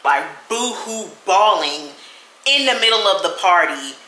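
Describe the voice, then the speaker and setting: Young woman vlogger, sassy storyteller with a bright voice, in a room with some echo. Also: medium pitch, a little slow, a little hiss or hum. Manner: animated, sassy, talks straight to the listener. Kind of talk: storytime vlog.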